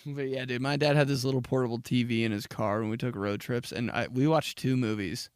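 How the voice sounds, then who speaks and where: A man's voice: medium pitch, steady tone, brisk, clear, resonant tone, no room sound, studio quality. A young man hosting a solo comedy podcast, rambling and swearing, laughing at himself and acting out dramatic reactions. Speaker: podcast host.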